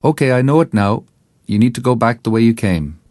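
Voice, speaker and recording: A man with an Irish accent narrating a scripted language lesson, saying each phrase slowly and carefully so listeners can repeat it. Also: medium pitch, lively intonation, a little mellow, dry recording, clean studio sound. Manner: slow, careful enunciation for repetition. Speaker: language teacher.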